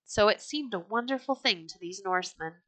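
A woman reads a children's storybook aloud in a clear, gentle way. Her voice is bright, with an average pitch. The sound is dry and close. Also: lively intonation, normal speed, dry recording, poor audio.

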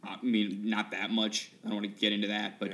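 A man's voice: fairly low pitch, monotone, a little fast, fairly bright tone. A man co-hosting a casual movie podcast, blunt and opinionated. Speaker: podcast co-host.

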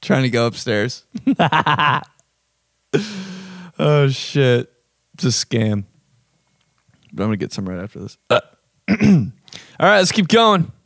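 Man host, casual profane comic rambling, dry close sound, everyday pitch. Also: expressive, slow, creaky, pauses often, a bit bright, dry recording. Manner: rambling, profane, joking, fond of bro and dude. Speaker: vlog host. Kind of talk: casual comedic rant.

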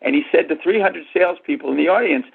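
A man in his sixties, a guest in an interview, telling animated stories about his past and acting out what others said. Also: on the high side, quick pace, creaky, husky. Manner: animated storyteller, acts out quotes. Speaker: guest, art and antique dealer. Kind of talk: storytelling interview answers. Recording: tinny phone-line audio.

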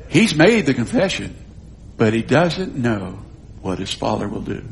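A male pastor preaching a sermon, swinging from loud stresses to hushed drops. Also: mid-range voice, very animated, a little slow, creaky, a little hiss or hum.

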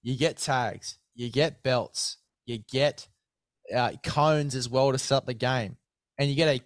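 A man's voice: mid-range voice, steady tone, measured pace, dry recording, clean studio sound. Matey man hosting sports chat. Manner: chatty, matey, plugs a sponsor with mock hype. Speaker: sports podcast host. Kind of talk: casual sports preview and chat.

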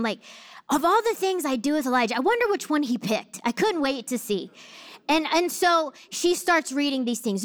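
A woman in her thirties preaching a sermon, telling a personal story in a humorous, animated way. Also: high voice, moderate pace, long pauses.

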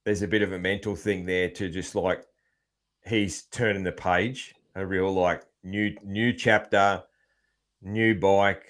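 Australian male host, lowish voice, loose and rambling, swears. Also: flat delivery, slow, fairly bright tone. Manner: rambling, swears freely, many ums and restarts. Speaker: podcast host. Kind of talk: casual chat.

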